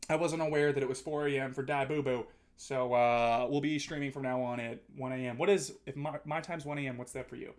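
A man's voice: medium pitch, steady tone, a little fast. A man streaming live, chatting casually and playfully with his viewers, reading their messages aloud and joking back.

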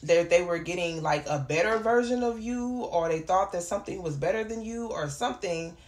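A woman doing a casual tarot reading, chatty and prone to excited exclamations. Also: lowish voice, normal speed. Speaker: tarot reader. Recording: echoey room with clear background noise.

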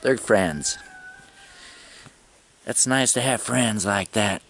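A man's voice: on the low side, takes it slowly, vocal fry, a bit bright, slight background noise. A middle-aged man in a casual travel vlog, rambling and chuckling as he tells stories. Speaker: travel vlogger.

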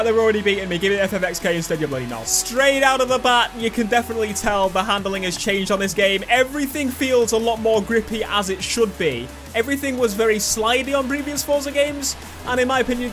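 Excitable high-voiced gamer man. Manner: excitable, chatty, jokey, talks back to the game. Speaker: gaming video host. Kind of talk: let's play commentary.

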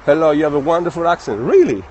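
A man with an Italian accent, chatting casually in a live stream while walking outdoors through city streets. He reads viewer comments aloud and speaks in a friendly, halting way. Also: a little high, sing-song, a little mellow, a little hiss or hum. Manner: friendly, chatty, halting non-native phrasing.

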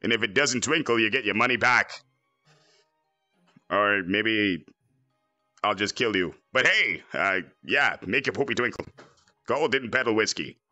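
A man's voice: fairly low pitch, measured pace, long pauses, pushed and bright, no room sound, soft background music. A man voicing a cocky, crude male android villain in a fan parody, boastful and joking. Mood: salesman.

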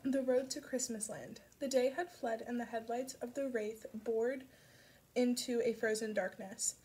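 A woman reading an audiobook aloud, narrating a dark story with soft shifts for the characters. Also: a little high, steady tone, unhurried. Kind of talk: scripted narration.

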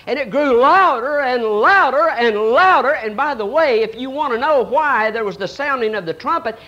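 Man, preacher, very high voice, lively, folksy, dramatic sermon. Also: highs cut off. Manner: dramatic, swings between loud and hushed; folksy, plain-spoken.

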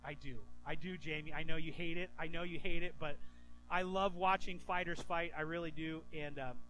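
Animated high-voiced male pastor preaching. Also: moderate pace, faint music behind, rough recording. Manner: animated storytelling, stammering restarts. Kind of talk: sermon.

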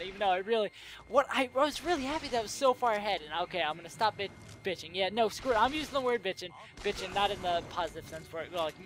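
A man giving casual gameplay commentary who is irritated, grumbles, and keeps talking himself into calming down. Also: sits high, quick pace, rough recording. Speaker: video game let's player.

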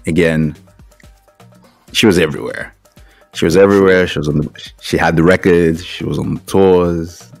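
A man with a very deep, gravelly voice co-hosting a casual podcast. He gives blunt, emphatic opinions, often opening with "yo" or "man", and faint music plays behind him. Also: fairly even intonation, normal speed, pauses often. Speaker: podcast co-host.

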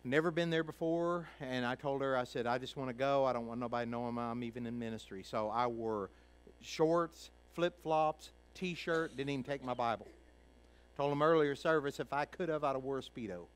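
A middle-aged male pastor from Kentucky preaching a sermon, telling a personal story in a folksy way, acting out the voices of others and moving between hushed and loud. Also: mid-range voice, moderate pace, clean tone, low-quality recording.

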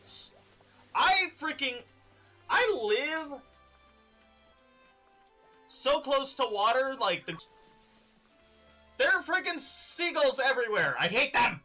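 A young man streaming a game, chatting excitedly with his viewers and laughing often. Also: very high voice, takes it slowly, pauses often, soft background music. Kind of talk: live-streamed gameplay chat.

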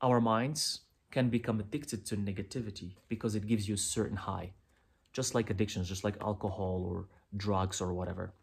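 A man's voice: fairly low pitch, steady tone, normal speed, creaky, husky. A man giving a pick-a-pile tarot reading, speaking earnestly and directly to the listener, often repeating himself. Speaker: tarot reader.

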